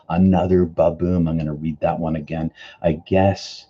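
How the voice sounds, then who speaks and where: A man from the Boston area speaks in an earnest, reflective way, teaching spiritual ideas on a live stream and pausing to answer viewers by name. His voice sits low, with a very mellow, husky tone. The sound is a little dull and lo-fi. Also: steady tone. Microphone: studio microphone.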